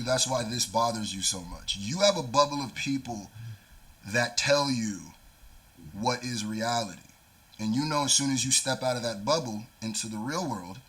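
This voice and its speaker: A man's voice: mid-range voice, bright, forceful tone, slightly rough. A man talking straight to the camera, confronting and lecturing a rival rapper. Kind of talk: direct-to-camera callout.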